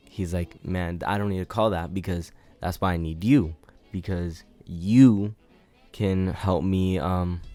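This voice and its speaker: In a laid-back vlog, a young man tells a personal story, leaning heavily on fillers and repeating "like" and "man" constantly. His voice is low-pitched with a darkish tone.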